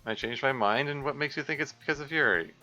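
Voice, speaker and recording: A man's voice: mid-range voice, fast, pushed and bright, soft background music, voice pushed up. A man with a put-on British accent voicing an awkward, flustered schoolboy protagonist in a visual novel.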